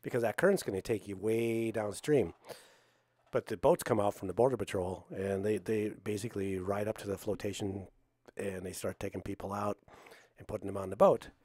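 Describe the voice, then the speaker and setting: A man hosting a political talk show, talking in a matter-of-fact way and often clearing his throat. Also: lowish voice, fairly even intonation, fairly quick, darkish tone, dry recording. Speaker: host.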